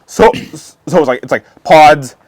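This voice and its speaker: A man's voice: a little high, unhurried, a little hiss or hum. A man co-hosting a casual podcast, recapping an episode and acting out the characters' lines with lots of laughing. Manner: animated, acts out characters' lines while retelling, laughs often. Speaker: podcast co-host. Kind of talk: casual chat recapping a show.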